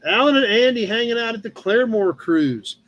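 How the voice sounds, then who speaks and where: A Midwestern American man hosts a casual live-stream chat, his voice pitched high. He rambles easily through viewers' posts, sprinkling in fillers and thanking people by name. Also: expressive, fairly quick, fairly bright tone, dull audio. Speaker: host of a live car-hobby chat show. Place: home room with a cat nearby.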